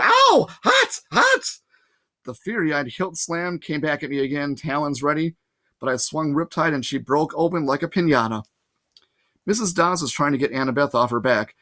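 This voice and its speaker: A man's voice: mid-range voice, a bit bright. A man, possibly a teacher, reading a novel aloud to his listeners in plain first-person narration with casual asides. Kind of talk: storybook read-aloud.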